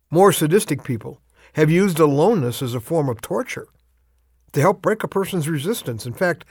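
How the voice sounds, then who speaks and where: A man giving a short radio devotional talk, earnest and intimate, slowing down for emphasis. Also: fairly high pitch, no room sound, clean studio sound. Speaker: radio preacher.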